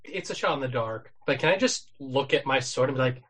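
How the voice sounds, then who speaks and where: A man's voice: mid-range voice, lively intonation, brisk, a bit bright, breathy edge. A man playing a tabletop game in a jokey, playful, casual way. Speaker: player.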